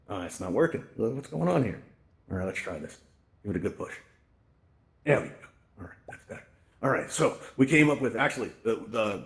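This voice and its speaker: A man's voice: fairly low pitch, darkish tone. A man, married and middle-aged, giving a casual, rambling presentation in a virtual reality space, with lots of fillers and asides. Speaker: VR event presenter. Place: virtual reality social space, headset mic.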